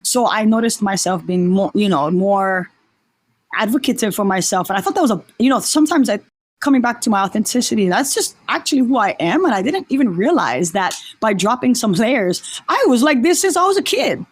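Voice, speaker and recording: A woman's voice: medium pitch, animated, a little fast, no room sound. A woman from Oahu, a podcast guest talking in an earnest, reflective way and often restarting her sentences. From Oahu, Hawaii. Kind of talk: reflective casual conversation.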